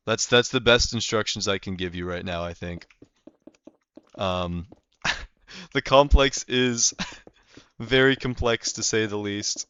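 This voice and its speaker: A man's voice: on the low side, slow pace, long pauses, a bit bright, clean tone, no echo. Young man chatting loosely on a game stream. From North America. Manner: loose and rambling, heavy on fillers like "like" and "um". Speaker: livestreamer. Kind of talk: casual live gameplay chat. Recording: slightly muffled stream audio with faint music.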